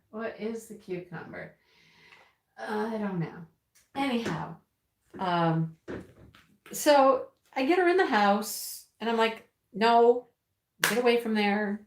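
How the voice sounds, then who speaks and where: A woman hosting a home livestream, chatting casually and telling a rambling, animated story with frequent laughs while she crafts. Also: mid-range voice. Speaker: livestream host. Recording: roomy echo.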